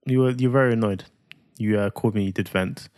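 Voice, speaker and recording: A man's voice: lowish voice, quick pace, darkish tone. A man co-hosting a casual podcast with his wife, talking in a laid-back, teasing way. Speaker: podcast co-host.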